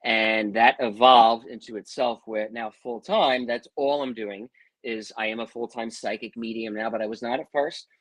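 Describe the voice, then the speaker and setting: A middle-aged man, a guest on an interview show, telling his own stories in a casual, animated way and calling people "bro" and "man". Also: medium pitch, normal speed, no echo, rough recording. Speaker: interview guest, psychic medium. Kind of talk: casual storytelling.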